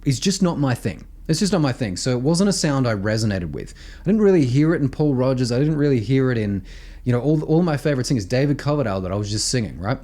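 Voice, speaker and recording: An Australian man teaching voice technique, explaining exercises in an animated, emphatic way and often checking in with "right?". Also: medium pitch, quick pace. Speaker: vocal coach. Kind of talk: instructional explanation with sung demos.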